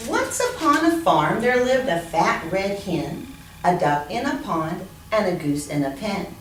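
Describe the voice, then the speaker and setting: A woman librarian reading picture books aloud at a library storytime, in an expressive sing-song way with animal sounds. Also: mid-range voice, measured pace, a little hiss or hum. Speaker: children's librarian. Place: library room. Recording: roomy echo from a distant mic.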